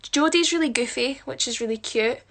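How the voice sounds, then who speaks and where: A woman's voice: high-pitched, a little fast, creaky, a bit bright. A woman chatting casually on a phone livestream at home, self-mocking and answering viewer questions while doing her makeup. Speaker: musical theatre performer.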